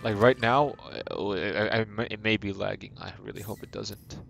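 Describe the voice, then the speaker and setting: Over game music, a young man streams a video game live in a lowish, gravelly, slightly bright voice with a steady tone and moderate pace. His chat with viewers is casual and rambling, playful and self-deprecating.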